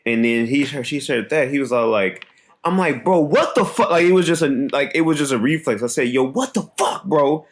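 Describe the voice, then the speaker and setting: Young male podcast co-host, mid-range voice, lively storyteller who laughs a lot. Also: fairly quick, few pauses. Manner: animated, laughing, voice jumps high on punchlines. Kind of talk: casual storytelling chat.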